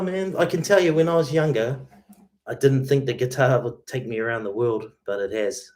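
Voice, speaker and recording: A man's voice: medium pitch, moderate pace, darkish tone. A man hosting a guitar livestream, chatting casually with viewers in a laid-back way, peppering his talk with "man" and "mate". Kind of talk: casual livestream chat reading viewer comments.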